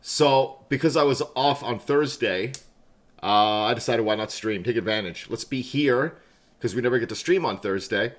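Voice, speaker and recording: Speaking at a moderate pace in a mid-range voice, this man hangs out on a game livestream. He's jittery from coffee, laughs a lot and says hi to viewers by name, with keyboard clicking in the background.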